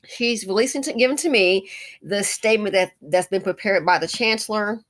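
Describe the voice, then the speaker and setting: A woman hosts her own commentary vlog, speaking casually and bluntly as she works through her thoughts. Her voice is bright and forceful, set at a middle pitch, and she stops now and then with an um or uh. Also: moderate pace. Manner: conversational, opinionated, thinking aloud with fillers. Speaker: commentary channel host.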